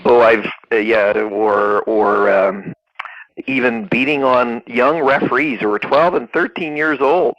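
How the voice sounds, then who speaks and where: A male interview host from Canada asks curious, thoughtful questions at a middle pitch. His voice is dry, with no room sound, and it comes through somewhat dull. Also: a little slow, no echo. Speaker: podcast host. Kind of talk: interview conversation.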